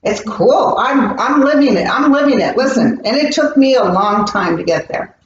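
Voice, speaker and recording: A woman speaking as a psychic medium guest in an interview, telling stories in an earnest, animated way. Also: on the high side, normal speed, a little hiss or hum. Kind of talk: interview conversation. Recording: roomy, distant, dull recording.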